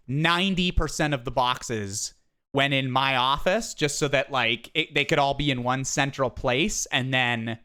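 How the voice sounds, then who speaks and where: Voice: medium pitch, clear, resonant tone. A streamer chatting casually from a home office, rambling with frequent restarts while showing photos of a new home. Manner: rambling, with restarts and animated quips. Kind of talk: casual live-stream chat.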